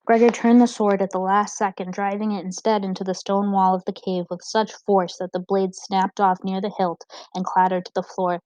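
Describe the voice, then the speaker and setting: A woman narrating an audiobook chapter in a steady, expressive reading. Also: medium pitch, normal speed, hardly any pauses, dry recording. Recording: dull, dry lo-fi recording.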